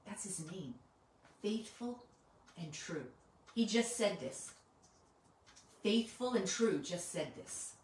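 A woman's voice: medium pitch, expressive, takes it slowly, a little mellow, a little hiss or hum. A woman giving an earnest, conversational sermon, asking her listeners one rhetorical question after another. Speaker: Bible teacher. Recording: echoey room, mic at a distance.

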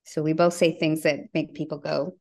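A middle-aged woman, a podcast guest, telling a personal family story earnestly and acting out the dialogue, her voice sinking low at the heavy parts. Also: level tone, moderate pace, a little mellow. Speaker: podcast guest, bereaved mother.

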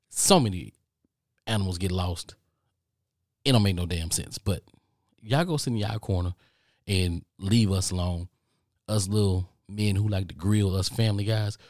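A low-voiced middle-aged man from the United States rants through a casual podcast monologue. He keeps circling back to the same points and swears freely. His voice is close and dry, with no room sound. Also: no echo. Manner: animated, repetitive ranting, swears. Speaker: podcast host.

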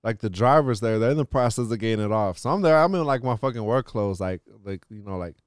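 A man's voice: fairly low pitch, quick pace, clean tone, no room sound, studio quality. A man hosting a podcast, telling a long story in casual chat, swearing often and filling his talk with "like". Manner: profane, animated storytelling with frequent "like". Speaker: podcast host.

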